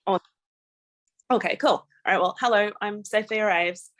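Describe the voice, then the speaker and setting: A woman's voice: medium pitch, normal speed. An Australian woman giving a chatty webinar presentation over a video call, laughing easily. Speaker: guest speaker.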